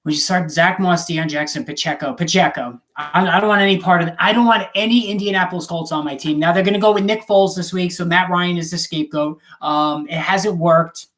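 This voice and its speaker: A man's voice: high voice, fairly even intonation, a little fast, hardly any pauses, fairly bright tone. A man hosting a live fantasy football stream, answering chat questions in a blunt, casual way and swearing now and then. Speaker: fantasy football show host.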